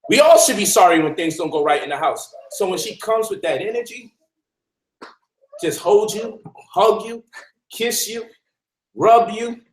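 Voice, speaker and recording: A man with a high voice preaches to his listeners in an emphatic, animated way. He speaks as the host of an online talk, and his voice bounces around an echoey room. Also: unhurried, pauses often.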